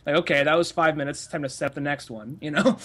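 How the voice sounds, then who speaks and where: A man's voice: a little high, steady tone, fast, pushed and bright. A man co-hosting a podcast in casual chat, rambling and swearing often with many fillers. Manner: rambling, profane, heavy on "like". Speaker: podcast co-host.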